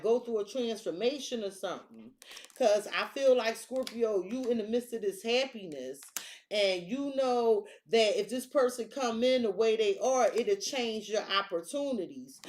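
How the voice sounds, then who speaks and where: Blunt, profane woman reading tarot. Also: fairly high pitch. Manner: blunt, profane, sassy and animated; talks to the viewer and to the cards. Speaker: tarot reader.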